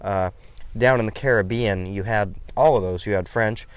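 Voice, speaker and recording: A man's voice: fairly low pitch, normal speed, smooth, no room sound. A man in his thirties hosting a casual chat, rambling and handing out travel tips. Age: 30s. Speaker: host.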